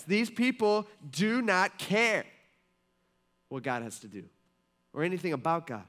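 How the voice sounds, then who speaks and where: A pastor preaches with a slightly high voice, chatty and full of "like" and "um." He swings between loud, emphatic stretches and quiet, offhand asides, keeping the tone informal from the pulpit. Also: big pitch swings, a little slow, pauses often. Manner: casual, rambling preaching with many "like" and "um" fillers. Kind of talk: sermon. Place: church sanctuary.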